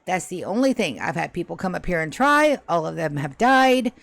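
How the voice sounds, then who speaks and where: A woman's voice: lowish voice, sing-song, normal speed, creaky, dry recording, pitched below the performer's own voice, full character voice. A woman voicing a centuries-old ghost who is stuck and anxious, stammering and rambling as she begs for help during a tabletop game. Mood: pleading. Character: restless centuries-old ghost, pleading and flustered. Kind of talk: tabletop game role-play.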